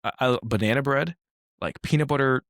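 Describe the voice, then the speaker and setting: A man's voice: medium pitch, brisk, a bit bright, dry recording, clean studio sound. A man co-hosting a fitness podcast in casual chat, rambling with lots of fillers and frequent laughs, originally from Taiwan. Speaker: fitness coach, podcast co-host.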